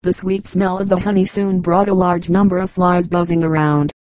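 A woman narrating an audiobook of animal fables in a measured, even storytelling manner. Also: on the low side, no echo, low-quality recording.

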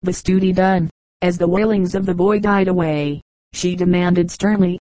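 Dark, even-voiced female audiobook reader. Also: lowish voice, moderate pace, no room sound, poor audio. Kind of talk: scripted narration of humorous anecdotes.

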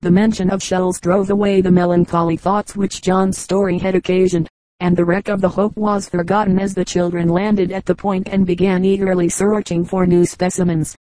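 A woman reading a children's book aloud in an even, measured way. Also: lowish voice, no echo, rough recording. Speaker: audiobook reader. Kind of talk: scripted narration.

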